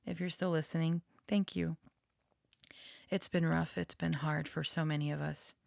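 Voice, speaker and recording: A woman channeler talking casually and reflectively at home, often dropping to a soft whisper. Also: low voice, fairly even intonation, moderate pace, vocal fry, no echo, clean studio sound. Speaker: channeler and tarot reader. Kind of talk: casual chat with channeled messages.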